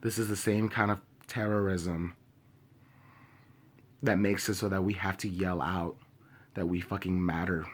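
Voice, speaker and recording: A young man speaking straight to camera in a personal video, grieving and angry, impassioned and halting with many pauses, swearing openly. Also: low voice, breathy edge. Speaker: vlogger.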